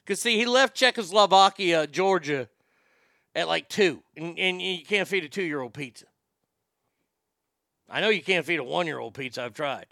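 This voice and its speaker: Dude rambling jokes on his podcast, gravelly, bright and tense, slightly high. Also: normal speed, pauses often, no room sound, studio quality. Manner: irreverent, rambling, deadpan jokes. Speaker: comedy podcast host. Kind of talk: rambling comedic monologue.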